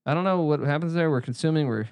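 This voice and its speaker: A male podcast co-host with a fairly high voice tells stories in an animated, profane way. His voice sounds dry and close, with no room echo. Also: fast. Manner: animated storyteller, swears freely. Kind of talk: casual sports podcast chat.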